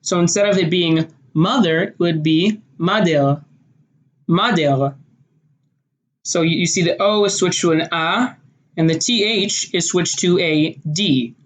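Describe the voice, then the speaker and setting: A speaker with an American accent, slowly and deliberately explaining pronunciation rules in an instructional video. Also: mid-range voice. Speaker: accent tutorial presenter.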